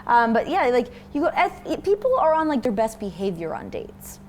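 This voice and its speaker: A woman's voice: fairly high pitch, sing-song, fairly quick, a little hiss or hum. A young woman from Toronto, chatting casually as an interview guest and rambling with plenty of fillers. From Toronto, Canada.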